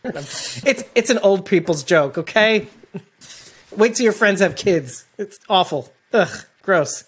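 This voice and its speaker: A man in his forties hosting a casual podcast chat about a TV show, animated and laughing often as he acts out characters. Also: sits high, slow pace, slightly rough. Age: 40s. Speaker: podcast host.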